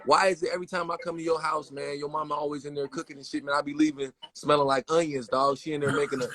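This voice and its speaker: A man's voice: on the high side, level tone, fast talker, a bit bright. A man voicing a young friend who jokingly complains in slang. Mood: teasing. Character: teasing young male neighborhood friend.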